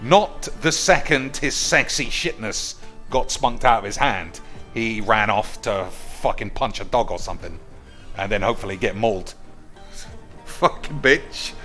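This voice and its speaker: A man ranting sarcastically over gameplay, crude and rambling, jumping into high mock shouts. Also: lively intonation, measured pace, soft background music. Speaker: gaming video host.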